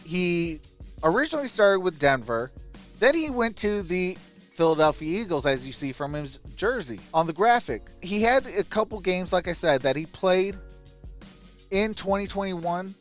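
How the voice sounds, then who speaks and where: A man's voice: high voice, lively intonation, normal speed, soft background music. A man hosting a fan channel, giving casual sports commentary in a chatty, enthusiastic way with frequent asides and chuckles.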